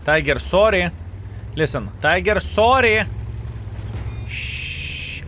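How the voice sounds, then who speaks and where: A man's voice: fairly high pitch, lively intonation, a little slow, a bit bright, slight background noise. A man streaming a tank game, commenting on the action, swearing and thanking chat viewers by name. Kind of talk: live gameplay commentary and chat reading.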